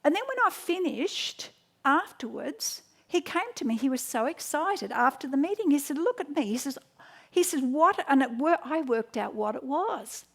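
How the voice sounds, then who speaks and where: With a high voice and noticeable vocal fry, a middle-aged woman shares home remedies at a moderate pace. She works as a health educator and teaches through chatty stories full of lively quotes and frequent restarts.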